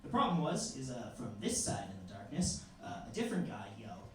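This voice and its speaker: A man in his twenties doing a stand-up set in a comedy club, telling stories deadpan and acting out hecklers. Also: mid-range voice, fairly quick. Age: 20s. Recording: live club room, echoey, distant mic, audible noise and laughter.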